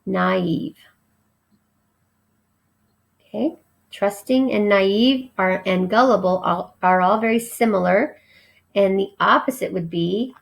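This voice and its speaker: A woman's voice: medium pitch, gravelly, rough recording. A woman teacher giving a recorded vocabulary lesson, spelling each word letter by letter and explaining its meaning. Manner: slow, spells words letter by letter.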